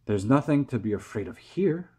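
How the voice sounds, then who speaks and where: A man voicing a boastful, rude male centipede who shouts insults with scorn. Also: mid-range voice, big pitch swings, normal speed, slightly rough. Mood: scoffing.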